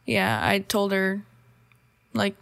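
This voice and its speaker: A woman's voice: mid-range voice, sing-song, slow pace, vocal fry, a bit bright. A young woman in her early twenties, answering interview questions casually and hesitantly with many fillers. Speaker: guest.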